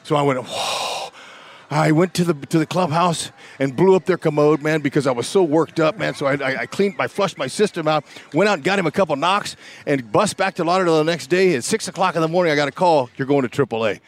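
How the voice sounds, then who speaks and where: A man in his sixties from California, telling animated stories as a guest in a sports interview, folksy and excitable, often tossing in "man". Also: fairly high pitch, quick pace. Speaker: guest broadcaster, former ballplayer.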